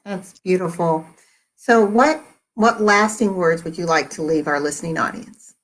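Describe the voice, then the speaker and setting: Woman interview host, slightly low voice, affirming and supportive. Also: normal speed. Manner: encouraging, affirming. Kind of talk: casual interview conversation.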